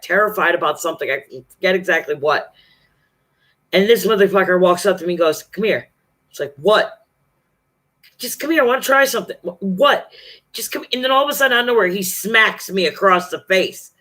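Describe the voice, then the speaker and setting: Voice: mid-range voice, pushed and bright. A vlogger telling a personal story in a casual, profane, emphatic monologue, acting out the other people's lines.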